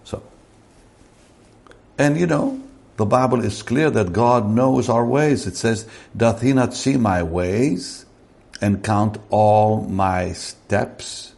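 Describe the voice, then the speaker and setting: Deep gravelly-voiced man preaching. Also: darkish tone. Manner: slow deliberate preaching, emphatic rises on key words. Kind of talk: sermon.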